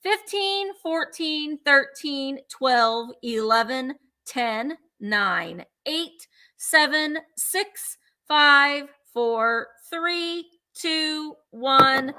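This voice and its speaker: A woman's voice: sits high, animated, extremely slow, bright, forceful tone. A woman hosting a live vintage sale, chatting playfully and counting down bids. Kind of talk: live auction selling chat.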